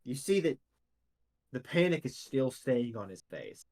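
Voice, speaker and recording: A man narrating as game master of a tabletop role-playing game, measured and descriptive. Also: mid-range voice, big pitch swings, darkish tone.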